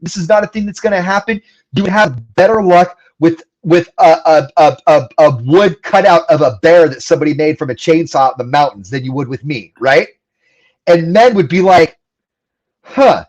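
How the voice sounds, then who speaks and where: A man's voice: on the high side, expressive, moderate pace, darkish tone, highs cut off. A man co-hosting a talk show, joking and mocking himself in casual banter. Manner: joking, self-mocking, acts out confused voices. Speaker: radio show co-host.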